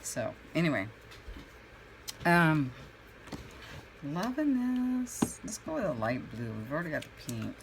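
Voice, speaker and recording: A woman's voice: extremely low pitch, expressive, moderate pace, creaky, long pauses, background noise. A woman chatting casually while painting at home, a rambling storyteller who acts out her own reactions. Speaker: crafting vlogger.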